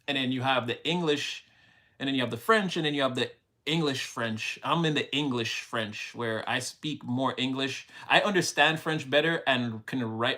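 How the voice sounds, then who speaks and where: A man's voice: medium pitch, sharp tone. Laid-back Montreal man chatting. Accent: Montreal Quebec. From Canada. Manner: laughs often, mixes English and French. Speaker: livestream host. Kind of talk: casual chat with live chat.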